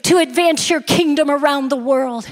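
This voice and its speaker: A woman voicing a desperate, down-and-out man who loudly begs God for help in drawn-out pleas. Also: high voice, pitched above the performer's own voice, natural voice. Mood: pleading. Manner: wailing, begging, drawn-out pleas. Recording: reverberant church hall.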